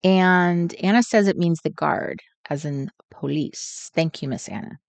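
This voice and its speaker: A woman's voice: on the low side, measured pace, vocal fry, dry recording. Chatty woman hosting a crafting livestream. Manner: chatty, muses aloud, greets viewers by name. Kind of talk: casual live chat while crafting. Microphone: desk setup with overhead camera.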